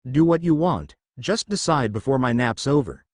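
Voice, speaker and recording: A man voicing a tired, bored male teacher who talks in a flat monotone. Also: medium pitch, normal speed, dry recording, studio quality, lightly acted.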